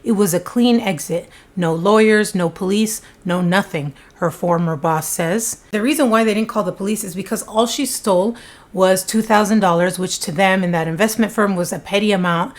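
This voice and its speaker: A woman's voice: medium pitch, normal speed. Chatty woman telling a true-crime story. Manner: chatty and conversational, with frequent asides and fillers.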